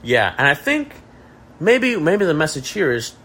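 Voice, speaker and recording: A man's voice: fairly high pitch, sing-song, measured pace, fairly bright tone, slight background noise. A man hosting a casual comedy podcast, talking in a dry, mock-serious way with many restarts. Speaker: podcast host.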